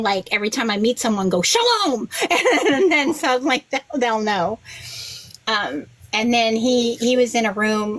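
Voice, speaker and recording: A woman in her forties, a rabbi, chatting casually on a podcast and telling family stories with lively quoted voices. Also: rough recording. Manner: animated storyteller, quotes others with big pitch jumps.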